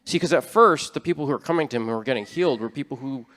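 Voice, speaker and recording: A man's voice: medium pitch, racing, fairly bright tone, in a large hall. A man preaching a sermon as a church elder, in an earnest, conversational way with frequent restarts. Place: church sanctuary.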